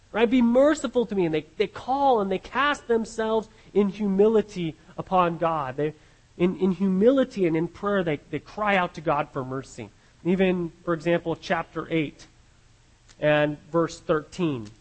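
A man's voice: high voice, poor audio. A man preaching a sermon as pastor, earnest and often repeating words as he restarts his phrases.

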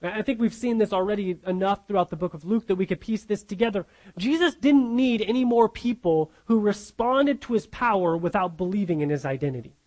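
A man's voice: high voice, a little fast, few pauses, darkish tone, rough recording. A man preaching a sermon and explaining a Bible passage. He teaches earnestly, repeats key phrases for emphasis and often asks "right?".

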